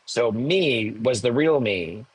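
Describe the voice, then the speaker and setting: A man in his sixties, a podcast guest, telling a personal story candidly, emotional and animated with self-mocking asides. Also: mid-range voice, slow pace, breathy edge, no echo, rough recording. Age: 60s. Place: home in the hills above a large city.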